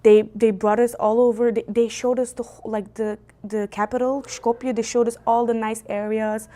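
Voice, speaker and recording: A young woman from Belgium streaming from home on a phone, telling a family story in a lively, animated way. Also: fairly high pitch, normal speed. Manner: animated, lively storyteller with big jumps for quoted voices. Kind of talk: casual livestream storytelling. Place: indoors at home. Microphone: phone on a gimbal.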